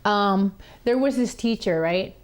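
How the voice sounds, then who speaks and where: A woman, a nun and teacher, hosting a children's TV chat, gentle and teacherly, telling a story and acting out its voices. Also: medium pitch, measured pace.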